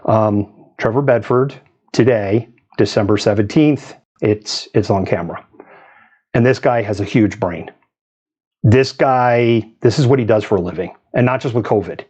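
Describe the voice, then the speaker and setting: A man's voice: on the low side, normal speed, darkish tone, breathy edge. Chatty man hosting a live stream. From US East Coast. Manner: chatty, digressive, laughs often. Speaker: live news stream host. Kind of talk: casual live-stream commentary.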